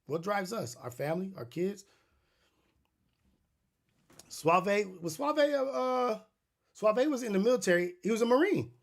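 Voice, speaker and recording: A man's voice: high-pitched, sing-song, unhurried, gravelly, long pauses. Rambling profane man telling stories. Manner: loose, profane, rambling with restarts. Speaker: podcast host. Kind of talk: casual storytelling monologue.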